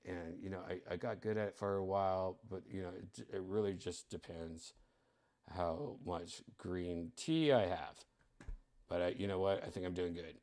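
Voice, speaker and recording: Rambling excitable male streamer. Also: low voice, moderate pace. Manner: rambling, filler-heavy and excitable. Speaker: streamer host. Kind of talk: casual live stream chat.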